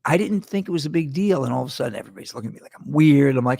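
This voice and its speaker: A middle-aged man hosts his own podcast in a loose, rambling monologue, swearing freely and wandering off topic. His voice has a gravelly edge, and the sound is dry and close with no room around it. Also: a little high, expressive, rapid-fire, dark tone, dry recording. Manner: rambling, profane, digressive. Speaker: podcast host. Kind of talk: casual monologue.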